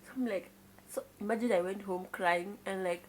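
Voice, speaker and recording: A young Kenyan woman vlogger with a Kenyan accent tells her viewers a story from her childhood, chatty and confiding. She speaks at normal speed in a steady, mid-range voice. She sprinkles in Swahili words and often exclaims "kai."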